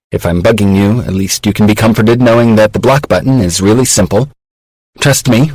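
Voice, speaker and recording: A man voicing a wry, candid woman professor in her thirties, reading her confessional, self-mocking messages in a low, dry voice. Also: darkish tone, dry recording, natural voice, low-quality recording.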